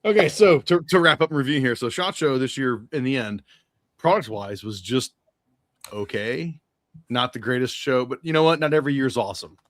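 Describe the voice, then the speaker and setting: A man's voice: mid-range voice, lively intonation, moderate pace, no echo. A man co-hosting a podcast, laid-back and blunt with casual swearing. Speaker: podcast co-host. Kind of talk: casual chat.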